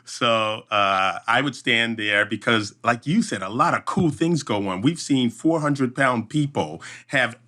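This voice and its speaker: Bright-voiced man telling a lively story. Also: mid-range voice, unhurried, few pauses. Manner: vivid storyteller who acts out voices and sound effects. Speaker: obstacle race emcee, podcast guest. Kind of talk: animated storytelling in a podcast interview.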